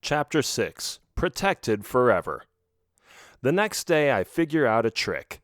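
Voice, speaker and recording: A man's voice: mid-range voice, big pitch swings, measured pace, a bit bright, dry recording. A man narrating a children's audiobook in the first person, reading expressively into a close mic.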